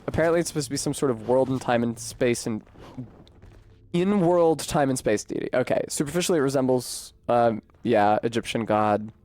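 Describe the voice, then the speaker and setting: A man's voice: mid-range voice, darkish tone. A man streaming a video game, chatting casually in a rambling, profane, self-deprecating way. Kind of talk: casual gameplay commentary.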